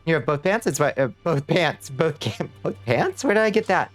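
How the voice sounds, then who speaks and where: A woman's voice: sits low, lively intonation, moderate pace, soft background music. A woman streaming a video game, chatting casually with her viewers, laughing often and thanking them as she plays.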